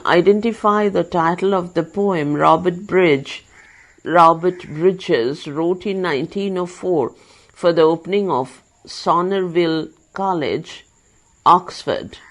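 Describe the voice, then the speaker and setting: Slow, deliberate dictation-style reader. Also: medium pitch, low-quality recording. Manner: deliberate, reads punctuation aloud and spells words letter by letter. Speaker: reader recording a study book for blind listeners. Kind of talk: dictation-style reading of quiz questions and answers.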